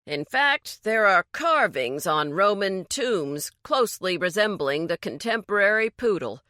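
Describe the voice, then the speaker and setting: A woman's voice: mid-range voice, expressive, measured pace, pushed and bright, dry recording, studio quality. A woman voicing Bennett, a pompous man who lectures his friends in a formal, know-it-all way. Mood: lecturing.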